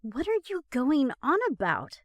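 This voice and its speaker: A woman's voice: high-pitched, very animated, a little slow, dry recording, pitched above the performer's own voice. A woman voicing a teasing young adult who has just transformed into a man, playful and then pleading. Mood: exasperated.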